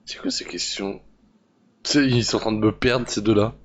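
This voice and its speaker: A man's voice: lowish voice, fairly quick, muffled recording, music in the background. A man, casually commenting on a game he is playing and thinking aloud as he reacts. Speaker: streamer.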